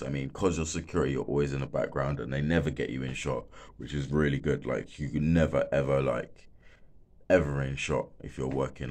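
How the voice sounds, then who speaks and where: A man's voice: rumbling low, vocal fry, a little mellow. A young man, a bit stoned, rambling casually and swearing a lot, peppering every sentence with filler words. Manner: rambling, swears a lot, fills with "like, literally" and "mate". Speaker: former football stadium security worker.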